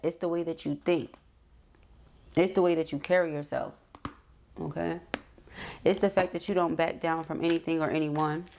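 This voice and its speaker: A woman with a low, gravelly voice talks through a tarot spread. She keeps checking in with her listener, and her tone stays affirming. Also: a little mellow, a little hiss or hum. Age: adult. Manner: frequent "okay?" check-ins, affirming. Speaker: tarot reader. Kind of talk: tarot reading monologue.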